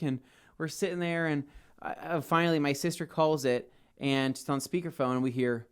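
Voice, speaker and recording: A man co-hosts a podcast, spinning a long story in relaxed conversation and performing the voices of the people in it. His voice sits on the high side, with a brisk pace and a clean tone. He's an animated storyteller.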